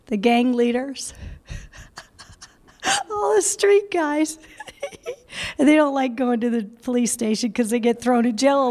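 A woman preacher telling a story in a sermon, lively and laughing often, acting out the voices of people she quotes. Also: high-pitched. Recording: long hall reverb.

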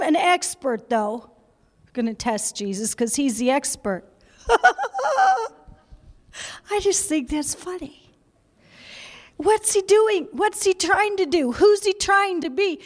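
A woman preaching a sermon in a small room, talking in an emotional, conversational way and often laughing. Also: extremely high pitch. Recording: long hall reverb.

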